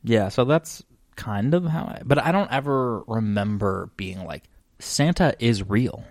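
A man's voice: fairly low pitch, unhurried, no echo, studio quality. A young man co-hosting a casual podcast, telling childhood stories and acting out the people in them. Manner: animated storyteller acting out quoted voices. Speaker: podcast co-host. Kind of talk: casual chat.

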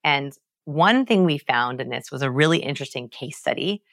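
A woman guest on a podcast, explaining research with emphatic, animated storytelling and big pitch swings. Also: moderate pace, creaky, dry recording, studio quality. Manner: lively, emphatic, swings pitch high to act out examples.

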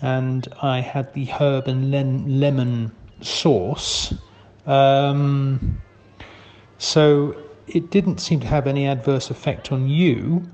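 A man talks slowly and haltingly, padding each thought with ums as he leaves a voicemail. His voice sits at a middling pitch and stays plain and matter-of-fact in a comic sketch. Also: fairly even intonation, a little mellow, dull audio. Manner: slow, hesitant, full of ums, matter-of-fact. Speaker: friend leaving voicemails.

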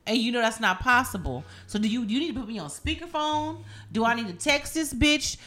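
A woman in casual chat, telling stories with heavy profanity and animated, rising outbursts. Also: a little high, a little fast.

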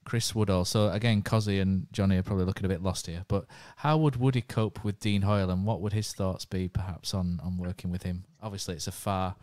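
Low-voiced male podcast host. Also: steady tone, brisk, few pauses, darkish tone, dry recording. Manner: chatty, rambling storyteller. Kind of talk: casual podcast chat.

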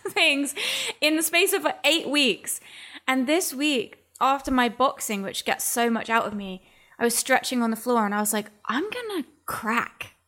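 A woman's voice: high voice, a little slow, pushed and bright. A woman talking candidly in a casual chat, emotional and rambling, swearing freely as she opens up.

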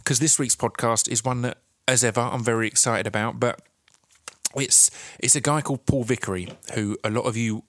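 A man's voice: medium pitch, fairly even intonation, a little fast, fairly bright tone, no room sound, studio quality. A man with an Essex accent hosting his podcast, talking in a chatty, rambling way with many fillers and restarts. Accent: Essex English. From Essex, England. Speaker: podcast host. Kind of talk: casual solo podcast intro.

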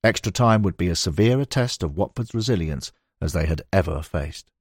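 Deep-voiced man narrating an audiobook. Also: lively intonation, breathy edge, no echo, studio quality. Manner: measured, storytelling delivery. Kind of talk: scripted nonfiction narration.

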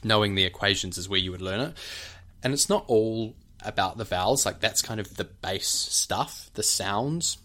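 A man with a New Zealand accent casually explains things on a podcast like a teacher, demonstrating speech sounds. His voice is on the low side, animated, pushed and bright, at a moderate pace.

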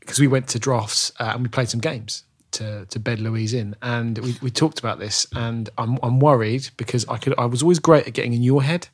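Husky-voiced man with dry teasing. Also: mid-range voice, steady tone, a little fast, hardly any pauses. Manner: dry teasing, mock-serious. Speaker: podcast co-host. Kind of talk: casual chat.

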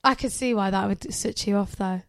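A woman co-hosting a podcast, reading a story aloud with animated commentary, often laughing and swearing. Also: mid-range voice, fairly quick, creaky, no echo. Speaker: podcast co-host.

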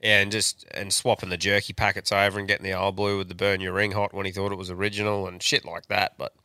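A man's voice: sits low, level tone, fast, bright, forceful tone, clean tone, no echo. A man hosting a podcast, bantering loosely with swearing and laughter. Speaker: podcast host. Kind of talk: casual chat.

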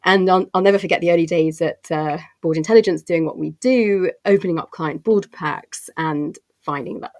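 A woman's voice: lowish voice, normal speed, few pauses, a little mellow. A woman executive giving expansive, articulate interview answers with frequent fillers and restarts. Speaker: company co-CEO guest.

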